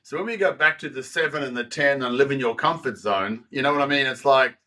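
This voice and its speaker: Speaking fast with hardly any pauses, a man in his sixties, appearing as a podcast guest, candidly recounts his story in conversation. His medium-pitched voice is animated, he curses without restraint, and he keeps poking fun at himself.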